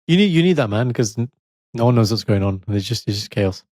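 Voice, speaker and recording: A man, co-hosting a podcast in animated casual chat. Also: mid-range voice, fast, no room sound, clean studio sound. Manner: animated, puts on voices in retold quotes. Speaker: podcast co-host.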